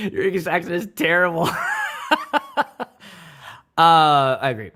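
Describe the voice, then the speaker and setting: A man's voice: on the high side, lively intonation, slow, bright, forceful tone. A man hosting a casual livestream, talking loosely and energetically, greeting viewers and swearing freely. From Pittsburgh area. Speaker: wedding DJ and livestream host.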